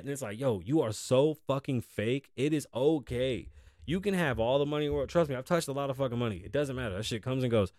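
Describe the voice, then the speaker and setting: A man hosting a podcast in casual chat, blunt and profane, shifting between low, weary venting and loud, hyped bursts. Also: fast, no echo, clean studio sound. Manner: profane, blunt and frank, slangy. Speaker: podcast host.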